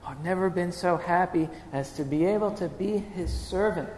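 A distraught woman disciple mourning her lost master, as a male preacher puts her on, her voice pitched up and ringing through an echoey hall with a long reverb tail. She pleads and laments in the first person, with a faint hum of room noise behind. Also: normal speed, darkish tone, lightly acted. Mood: anguished. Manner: emotional first-person retelling, rising to anguished pleading.

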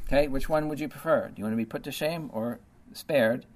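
A man's voice: medium pitch, fairly quick, slight background noise. A man preaching a sermon in a conversational way, reading scripture and explaining it with lots of "okay" and "you know".

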